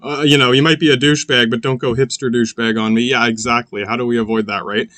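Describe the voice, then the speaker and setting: A man's voice: medium pitch, steady tone, fast talker, fairly bright tone, no room sound. A man hosting a podcast, rambling through political commentary in a profane, sardonic way, full of "yeah, yeah" fillers and restarts. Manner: sardonic, mocking. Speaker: podcast host.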